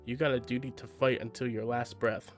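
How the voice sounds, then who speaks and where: Fierce coarse old granny, gruff and loud, read by a man. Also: mid-range voice, level tone, a little fast, soft background music, lightly acted. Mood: stern. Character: fierce tough old grandmother, small and strong.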